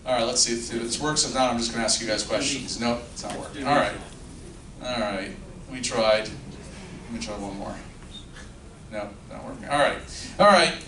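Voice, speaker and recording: A man's voice: medium pitch, normal speed, pauses often, pushed and bright. A man giving a live legal talk to an audience, joking and self-deprecating as he asks them questions. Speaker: legal counsel speaking at a luncheon. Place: luncheon function room. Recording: roomy, distant mic, background noise.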